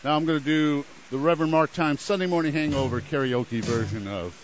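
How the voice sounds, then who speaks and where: Speaking fairly quickly with hardly a pause, this high-voiced young New Haven, Connecticut man runs a radio show full of rambling jokes and snatches of sung-along music. The recording has a dull lo-fi radio quality, with clear music in the background.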